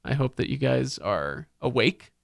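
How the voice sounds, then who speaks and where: A man's voice: medium pitch, very animated, a little slow, vocal fry, dry recording, clean studio sound. A man hosting a podcast, chatting casually and eagerly sharing book trivia. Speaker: podcast host.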